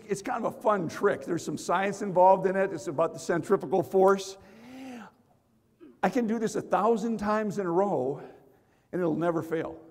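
A high-voiced, gravelly man, a motivational speaker and magician, playfully teases the audience at an energetic seminar, trading call-and-response lines with the crowd. He's in a large hall full of people, and the sound carries an echoey hall reverb.

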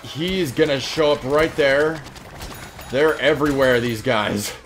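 A man doing gameplay commentary with quick running remarks on the action. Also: medium pitch, a bit bright, faint music behind. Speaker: gaming YouTuber.

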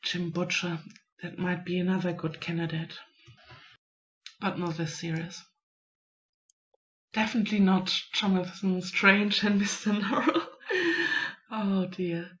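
A woman, a writing vlogger musing aloud to herself in a casual, unhurried way. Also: on the low side, flat delivery. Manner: musing, unhurried, self-talking. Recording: dull lo-fi recording.

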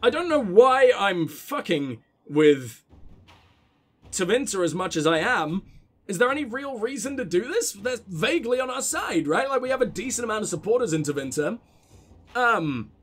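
Flustered high-voiced male gamer. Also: sing-song, moderate pace, a bit bright, slightly rough. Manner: flustered, swears casually. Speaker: gaming channel host. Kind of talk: gameplay commentary.

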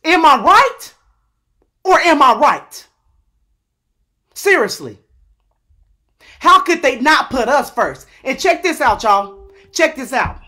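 High-voiced man on an exasperated rant. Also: big pitch swings, takes it slowly, pauses often. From United States. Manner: exasperated, repetitive rhetorical questions, addresses viewers as y'all; emphatic, at times shouting. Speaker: online commentator. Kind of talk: impassioned political rant to camera.

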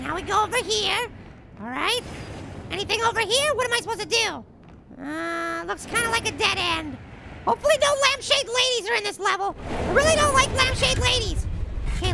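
Very high-pitched giggly woman gamer. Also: gravelly. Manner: bubbly, giggly, exclaims at surprises. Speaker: gameplay commentator. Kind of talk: gaming let's play commentary. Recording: noisy home recording.

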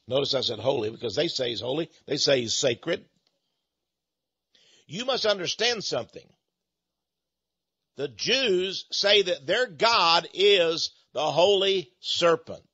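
A man preaching in an impassioned monologue, emphatic and prone to halting repetitions. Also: fairly high pitch, a bit bright, husky, highs cut off. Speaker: radio preacher.

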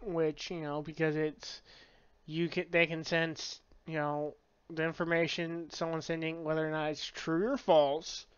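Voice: mid-range voice, little pitch movement, unhurried, clean tone, dry recording, highs cut off. A book reviewer in a casual review, rambling with many fillers and frequent swearing. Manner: rambling, filler-heavy, profane.

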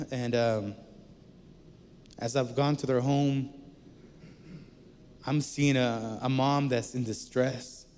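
A man preaching a sermon in a relaxed, conversational way, telling personal stories between scripture readings. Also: medium pitch, takes it slowly, long pauses, slight background noise. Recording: echoey hall reverb.

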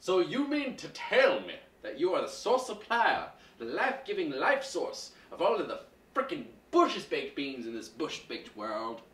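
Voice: mid-range voice, wildly swooping pitch, normal speed, distant mic. An actor playing an incredulous, mocking interviewer in a comedy sketch, pressing a guest with disbelieving questions. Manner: incredulous, mocking, building to shouts. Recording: roomy, off-mic sound with faint music.

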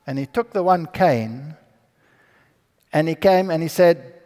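A man with a high voice tells a personal testimony before an audience and acts out the people in it. His voice rings through a large hall with a long reverb tail. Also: unhurried. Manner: animated storyteller who acts out the people in his story. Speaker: speaker giving a personal testimony. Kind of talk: storytelling sermon to an audience.

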